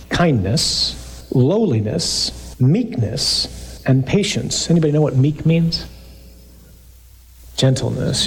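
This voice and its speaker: Guy preaching, reads bible verses then riffs on them, kinda husky, bit high voice, gets really punchy. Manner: animated, emphatic, jokes with the listeners. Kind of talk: sermon with scripture reading.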